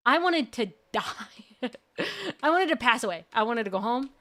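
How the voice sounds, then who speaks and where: A woman streamer chatting casually, gushing and rambling excitably. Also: fairly high pitch, a little slow. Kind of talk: casual live-stream chat. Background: faint background music.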